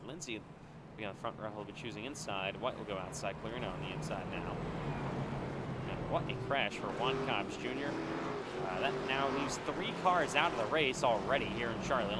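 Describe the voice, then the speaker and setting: A young man calling live play-by-play for an online racing series, excitable and exclaiming at crashes. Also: fairly low pitch. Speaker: race commentator. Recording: loud racing game engine noise behind.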